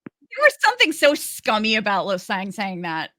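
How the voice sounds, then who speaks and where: A woman's voice: medium pitch, huge pitch swings, moderate pace, a bit bright, dry recording. A woman podcast co-host in casual chat, giving short agreeing replies and playful asides.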